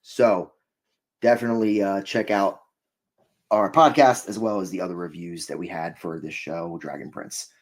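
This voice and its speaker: A man's voice: low-pitched, fairly even intonation, normal speed. A man co-hosting a casual show review, upbeat and rambling, laughing often. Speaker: podcast co-host.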